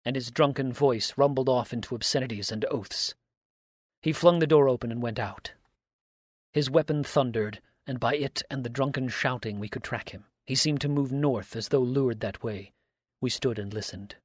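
A man giving a measured, grave dramatic reading of an old mystery story. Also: medium pitch, no room sound, clean studio sound. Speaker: story reader.

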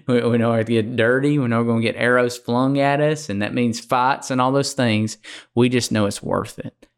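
A man's voice: mid-range voice, fairly even intonation, moderate pace, clean tone. A man from Alabama with a Southern accent, preaching as a podcast guest in a fervent, folksy way.

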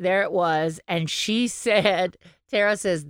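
A woman cohosting a chatty podcast, slightly low-pitched and smooth-voiced. She tells her stories with animation, curses freely and laughs often, recorded close and dry with no room sound. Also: measured pace, a bit bright, dry recording. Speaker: podcast co-host. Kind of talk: casual podcast chat.

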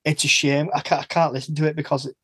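A man's voice: a little high, flat delivery, fast talker, fairly bright tone, breathy edge, no room sound. A man chatting casually as a podcast host, laughing often and restarting his sentences. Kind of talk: casual chat.

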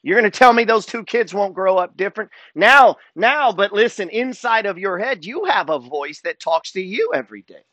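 A man's voice: high-pitched, lively intonation, moderate pace, few pauses, bright, forceful tone, no echo. A man giving a motivational monologue as a wealth and trading coach, emphatic and preacher-like, swearing freely.

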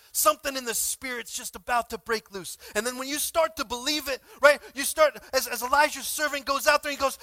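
A male pastor preaching a sermon informally, swinging between shouted exhortations and quiet asides, often asking the congregation to respond. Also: extremely high pitch, no echo. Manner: informal, frequent "like" and call-and-response.

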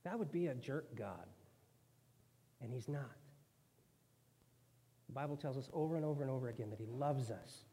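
A man's voice: mid-range voice, lively intonation, moderate pace, long pauses, mellow, breathy edge. A man preaching a sermon in a conversational way, now and then acting out quoted voices. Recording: long hall reverb.

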